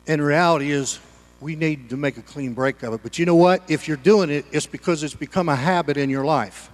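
High-voiced folksy preaching man. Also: fairly quick, big-room sound. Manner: folksy, conversational preaching with humor. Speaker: pastor. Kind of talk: sermon.

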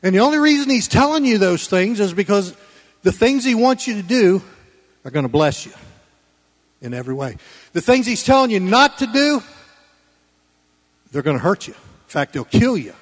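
High-voiced folksy preacher in a reverberant hall. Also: male voice, big pitch swings, normal speed, long pauses. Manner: folksy, swings between loud emphasis and low asides. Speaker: pastor. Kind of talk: sermon. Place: church.

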